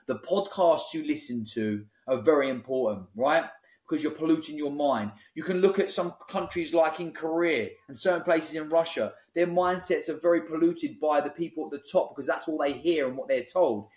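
A man lays out his advice bluntly and forcefully, preaching as a podcast guest. His voice sits a little high for a man. The room around him rings with a clear echo. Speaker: app founder guest. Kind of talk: podcast interview. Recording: roomy echo.

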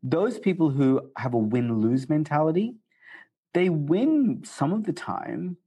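A man answering interview questions about communication in a conversational way, jumping up in pitch for quoted asides. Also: animated, unhurried, dark tone, breathy edge. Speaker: guest speaker on communication.

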